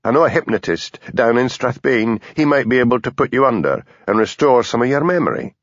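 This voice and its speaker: Brief: male narrator doing a calm, dry-witted Scottish Highland policeman, audiobook. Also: brisk, no echo, muffled recording. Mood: mild. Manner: mild, dry, patient. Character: patient Highland police constable, tall man.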